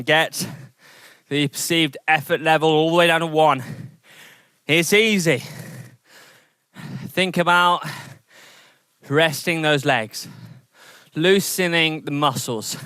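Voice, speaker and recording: A man coaching an indoor cycling workout, energetic and encouraging as he calls out intervals and counts down, sweating as he rides. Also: fairly high pitch, takes it slowly, long pauses, clean tone, no room sound, clean studio sound. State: sweating from exertion. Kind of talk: coaching a training session.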